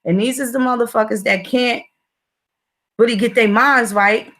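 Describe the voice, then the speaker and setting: High-pitched woman ranting profanely. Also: steady tone, normal speed, fairly bright tone. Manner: profane, repetitive, confrontational. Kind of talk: livestream commentary.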